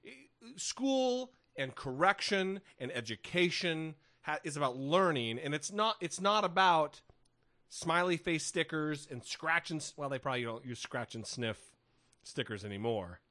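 A man's voice: fairly high pitch, animated, unhurried, bright, forceful tone. A man co-hosting a comedy podcast, joking and rambling with frequent restarts in casual chat. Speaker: podcast co-host.

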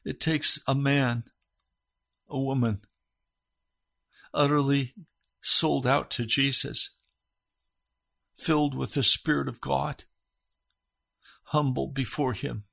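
A middle-aged man preaching as a pastor, firing urgent questions at his listeners and swinging from hushed lines to loud ones. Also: mid-range voice, steady tone, slow pace, vocal fry, pauses often. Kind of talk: sermon.

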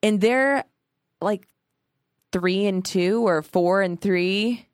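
A woman's voice: mid-range voice, drawn-out words, no room sound, clean studio sound. Gossipy woman podcast co-host. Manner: animated, gossipy, ranting. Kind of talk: casual chat.

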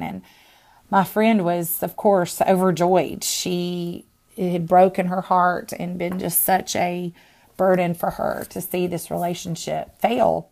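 A woman podcast host and minister telling a personal faith story in an earnest way, with pauses and restarts. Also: on the low side, fairly even intonation, gravelly, a little mellow.

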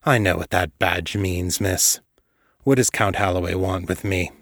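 A man doing a gruff, brusque baron. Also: low voice, steady tone, unhurried, a bit bright, no room sound, studio quality, exaggerated voice. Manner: growling, curt. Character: gruff burly middle-aged male baron, brusque.

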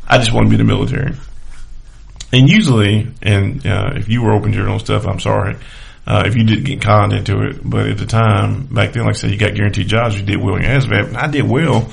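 A man's voice: lowish voice, fairly even intonation, fairly quick, gravelly, slightly rough. A young adult man hosting a podcast, telling profane, laughing anecdotes in a casual, rambling way with many fillers. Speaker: podcast host. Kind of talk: casual storytelling monologue.

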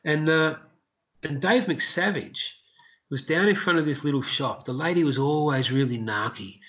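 Animated male street performer, lo-fi. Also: moderate pace. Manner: animated storyteller, acts out quotes in high shouts. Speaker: interview guest, street performer. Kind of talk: casual storytelling interview.

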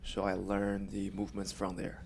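Podcast guest: thirties man, Chinese accent, low gravelly voice, halting delivery. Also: completely flat delivery, darkish tone, a little hiss or hum. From China. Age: 30s. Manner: halting, plain phrasing with pauses. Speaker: guest, coach and police officer. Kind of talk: podcast interview.

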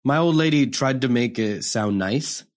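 A man's voice: medium pitch, measured pace, lightly acted. An actor playing a hardened young male prisoner, delivering a profane, confrontational dramatic monologue. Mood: bitter. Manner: profane, confrontational street talk.

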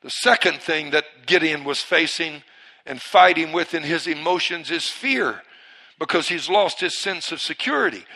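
Male pastor, high voice, bright and forceful tone, dynamic preaching, call-and-response with the congregation. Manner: dynamic, swings from loud bursts to hushed lines. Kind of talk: preaching a sermon. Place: church service.

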